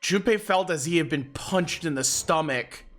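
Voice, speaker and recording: A game streamer reading game text aloud and reacting with loud, swearing outbursts. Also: mid-range voice, moderate pace, soft background music.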